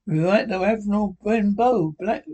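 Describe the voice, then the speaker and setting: Frightened young boy, voiced by a man: nervous, halting pleas, high husky tone. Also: dark tone.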